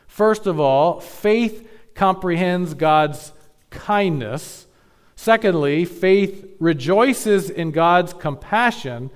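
A man preaching a sermon, teaching carefully with measured emphasis and occasional restarts. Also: fairly high pitch, smooth. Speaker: pastor.

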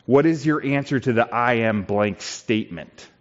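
A man preaching a sermon in a church, slow and emphatic, building on repeated phrases. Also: medium pitch, dull audio. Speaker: pastor.

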